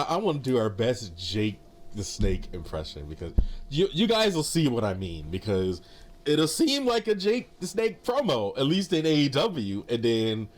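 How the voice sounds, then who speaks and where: A man co-hosting a wrestling podcast in casual chat, laughing often and padding with fillers. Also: medium pitch. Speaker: podcast co-host.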